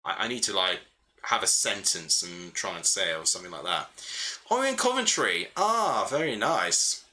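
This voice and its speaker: A young man hosts a live football watchalong stream, calling the play, thinking aloud and answering chat in between. His low voice is bright, forceful and sing-song, moving at a moderate pace.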